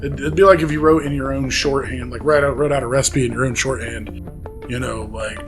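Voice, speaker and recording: A man's voice: mid-range voice, fairly even intonation, quick pace, music in the background. A man co-hosting a podcast, casually retelling a case with fillers and laughs. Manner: conversational storytelling with fillers and laughs. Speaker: podcast co-host. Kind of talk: casual chat.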